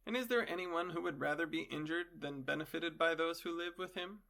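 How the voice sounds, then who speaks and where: A man's voice: a little high, brisk, gravelly, pushed and bright. A man voicing an elderly male philosopher on trial, questioning his accuser with dry irony. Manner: questioning, dryly ironic.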